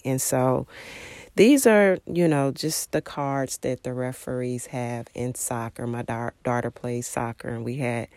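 A parent telling a devotional story in a rambling, halting way, full of fillers and restarts. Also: mid-range voice, darkish tone, no echo, studio quality. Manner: acts out quoted remarks in a raised voice.

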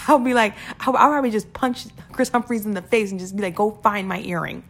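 Talking fairly quickly in a slightly high voice, a woman casually and earnestly encourages her listeners to keep things in perspective. It's a motivational chat full of repeated words and laughter between her points.

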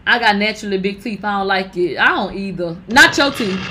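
A woman's voice: mid-range voice, animated, fairly quick, pushed and bright, a little hiss or hum. A young woman giving brash, profane gossip commentary, talking straight to her viewers. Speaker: commentary vlogger.

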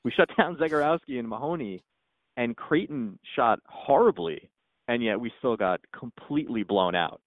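A man's voice: medium pitch, expressive, normal speed, no room sound. A man co-hosting a podcast in casual sports chat, rambling with many restarts. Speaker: podcast co-host. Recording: tinny phone-like line.

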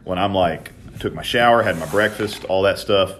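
A man telling a profane, animated story in casual podcast chat, shouting out the quoted lines. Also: deep voice, moderate pace, a little hiss or hum. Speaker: podcast co-host.

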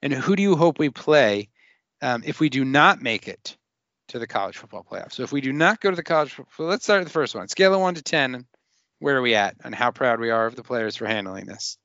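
A man hosting a casual sports podcast, reading listener questions in an animated, jokey way with quick restarts. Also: mid-range voice, no room sound, muffled recording.

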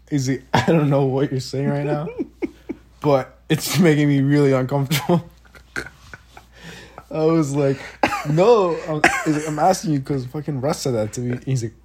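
A man's voice: on the high side, slight background noise. A man telling a funny story in casual chat, swearing a lot and acting out what people said. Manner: animated, laughing, acts out quotes, swears a lot.

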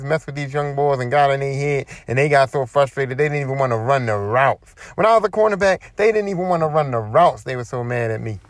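A young man rants into a close microphone in a dry, deadened space, his voice sitting a little higher than most men's. He talks casually and profanely, jumping up in pitch whenever he fires off a rhetorical question. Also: no echo. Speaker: podcast host. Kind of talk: casual opinion rant.

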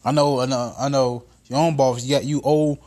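A man's voice: mid-range voice, fairly even intonation, a little fast, darkish tone. A man hosting a podcast, telling a profane comedic story in a casual monologue that builds into exasperated rants. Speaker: podcast host.

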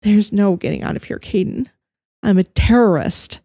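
A woman voicing a frightened, guilt-ridden young woman prisoner, pleading in a high, breaking voice. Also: lively intonation, moderate pace, creaky, warm tone. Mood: despairing. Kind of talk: audiobook character voice.

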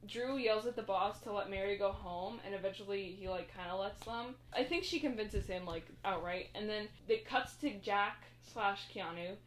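A woman's voice: medium pitch, normal speed, few pauses. A young woman co-hosting a casual chat, recapping a movie in a rambling way with lots of fillers and quoted lines. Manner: rambling, filler-heavy storytelling with quoted voices. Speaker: podcast co-host recapping a movie. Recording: roomy echo.

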